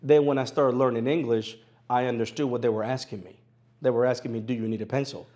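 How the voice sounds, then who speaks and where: A man in his thirties from Venezuela, speaking English with a Spanish accent and a slight Southern twang, telling stories in an animated way as an interview guest. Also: medium pitch, fast. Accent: Venezuelan Spanish with an East Tennessee twang. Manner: animated storyteller, laughs easily, repeats phrases for emphasis. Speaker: interview guest, sports broadcaster. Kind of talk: conversational storytelling interview.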